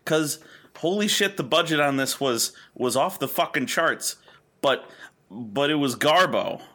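Bright-toned man, joking co-host. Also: medium pitch, lively intonation, a little slow. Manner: joking, profane, playful hot takes. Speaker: podcast co-host. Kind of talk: casual comedic chat.

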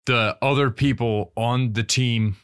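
A man playing a tabletop game, speaking slowly and haltingly in a mock-proud way. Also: mid-range voice, steady tone, smooth. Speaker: player. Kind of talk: in-character tabletop play.

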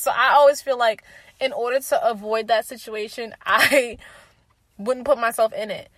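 Speaking fairly quickly in a slightly high voice on a dry recording, a twenty-something woman shares casual opinions with candor and plenty of profanity. Her storytelling is animated, and she performs the quoted lines herself.

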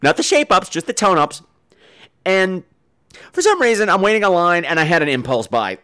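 A man's voice: high-pitched, very animated, normal speed, sharp tone, clean tone. A young man hosting a podcast, delivering a profane, sarcastic comedic monologue and ranting about everyday annoyances. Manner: profane, sarcastic, ranting, breaks into silly put-on voices. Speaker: podcast host.

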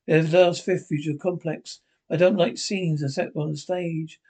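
A man reading as a witty, cynical aristocrat who drawls his remarks with idle amusement. The voice is slightly high for a man. It is read close to the reader's own voice. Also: steady tone, moderate pace, mellow. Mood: amused.

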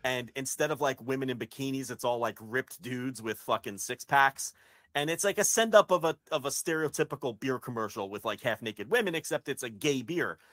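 A man's voice: mid-range voice, brisk, dry recording. Blunt, swearing male podcast co-host. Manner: blunt, swears, animated when mocking fans. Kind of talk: casual wrestling podcast chat.

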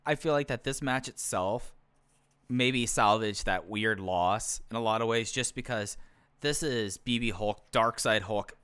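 A man's voice: on the low side, unhurried, fairly bright tone, clean tone, no echo. A man co-hosting a casual wrestling review podcast, easygoing and self-deprecating with rambling thoughts. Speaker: podcast co-host.

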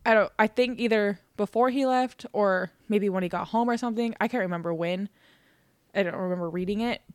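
A woman's voice: mid-range voice, a little fast, clean tone, no echo, studio quality. A woman co-hosting a podcast, telling a true crime story in casual, chatty talk, laughing often and swearing. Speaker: podcast co-host.

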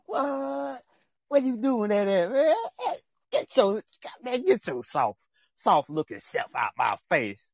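A man hosting a casual podcast, joking around in animated, slangy banter and repeating himself often. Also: on the high side, dry recording, clean studio sound. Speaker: podcast host.

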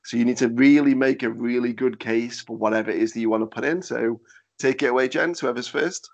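A man's voice: medium pitch, a little fast, creaky, dull audio. A man hosting a podcast, chatty and casual, swearing freely as he sets up a game. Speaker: podcast host.

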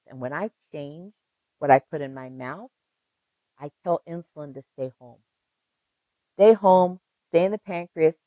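A woman's voice: sits low, a little mellow, no echo, rough recording. An older woman, a registered nurse, telling stories emphatically in an interview and repeating phrases for effect. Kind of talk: conversational interview.

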